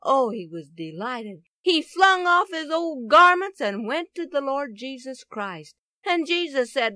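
A woman telling a Bible story expressively, with dramatic swings of pitch and loudness. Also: very animated, unhurried, hardly any pauses, no echo, clean studio sound.

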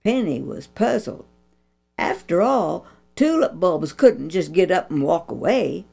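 Expressive woman reading a Bible story. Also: fairly low pitch, measured pace, vocal fry, breathy edge, faint music behind. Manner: expressive, preachy. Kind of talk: Christian children's story reading.

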